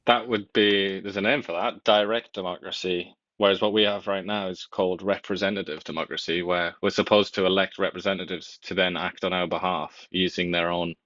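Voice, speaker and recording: A man's voice: low voice, fairly even intonation, brisk, hardly any pauses, fairly bright tone, no echo, lo-fi sound. A man co-hosting a political talk show, speaking wryly and joking dryly. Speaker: co-host. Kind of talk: casual political chat.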